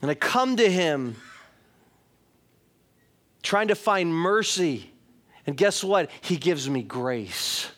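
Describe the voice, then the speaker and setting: A man's voice: a little high, animated, takes it slowly, long pauses, a bit bright. A middle-aged man preaching a sermon as a pastor, earnest and talking straight to his listeners, at times turning emphatic. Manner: earnest, rising to emphatic, uses direct address.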